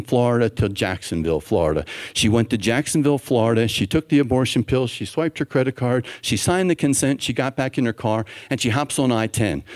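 A man's voice: medium pitch, a little mellow. A man, a doctor speaking to a church audience, telling a story and acting out the voices of the people in it. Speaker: physician speaking at a church event. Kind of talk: storytelling talk.

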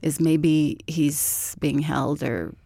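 A woman with a fairly low voice tells her story calmly and steadily, in an even, unhurried manner. The recording is dry and close, with no room sound. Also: vocal fry, no room sound. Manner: calm, measured storytelling. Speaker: guest. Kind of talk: personal testimony storytelling.

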